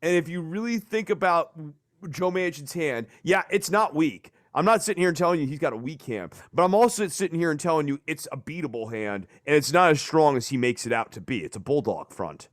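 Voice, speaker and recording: A man hosting a casual political podcast, talking in a rambling, animated way and swearing for emphasis. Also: a little high, brisk, dry recording, clean studio sound. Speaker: podcast host.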